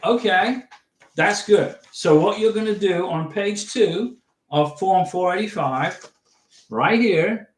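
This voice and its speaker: A middle-aged man hosts a casual livestream Q&A, chatting and repeating his points with emphatic instructions. His voice sits high for a man. The sound is roomy and echoey, with him a little away from the mic. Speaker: livestream host answering viewer questions. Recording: roomy echo, distant from the mic.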